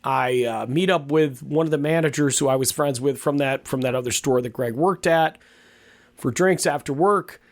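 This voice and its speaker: A man in his fifties hosts a podcast and tells a personal story. He rambles, restarts sentences and repeats words as he goes. His voice sits at a middle pitch and sounds dry and close, with no room echo. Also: normal speed. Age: 50s. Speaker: podcast host.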